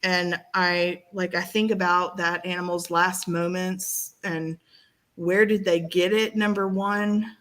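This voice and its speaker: A woman's voice: lowish voice, little pitch movement, takes it slowly, fairly bright tone, low-quality recording. A woman co-hosting a casual talk show, speaking with strong feeling and many restarts. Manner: emotional, rambling with many restarts. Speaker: podcast co-host. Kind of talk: casual chat.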